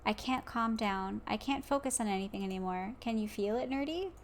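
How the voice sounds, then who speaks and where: A woman voicing a shy, intense teenage girl in a visual novel, speaking in a soft, hushed, slow way. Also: a little high, close to an everyday voice. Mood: anxious. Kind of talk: reading a visual novel aloud.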